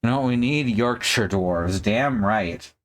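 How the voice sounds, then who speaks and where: A man's voice: on the low side, slow pace. A man hosting a live stream, chatting casually and joking as he thinks aloud while painting miniatures.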